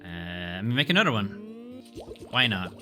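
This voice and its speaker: Bright-voiced man streaming a game. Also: lowish voice, wildly swooping pitch, measured pace, faint music behind. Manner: wry, swearing casually. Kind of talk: casual game commentary and reading game text.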